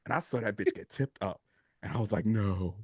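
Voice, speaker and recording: A man co-hosting a podcast, telling a fan story in casual sports chat, animated and swearing freely. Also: fairly low pitch, fast talker, breathy edge, no room sound, clean studio sound. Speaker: podcast co-host.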